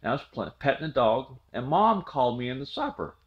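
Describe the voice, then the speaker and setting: Here a middle-aged man from southwest Ohio, hosting his channel, tells a memory in a loose, rambling way and repeats himself. He has a medium-pitched voice with big pitch swings, speaks a little fast, and the highs are cut off.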